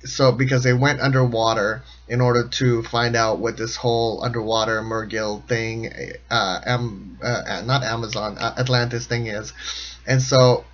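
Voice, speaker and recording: A man's voice: mid-range voice, level tone, unhurried, fairly bright tone. Rambling, jokey man, lo-fi sound. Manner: rambling, jokey, often laughing mid-sentence. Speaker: show commentator. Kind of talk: casual comedic commentary.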